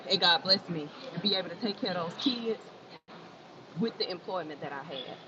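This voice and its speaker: Streaming from an indoor gym, this woman talks casually to her viewers and repeats phrases to stress them. She's animated, with a fairly low pitch and normal speed, and the muffled audio picks up plenty of gym noise.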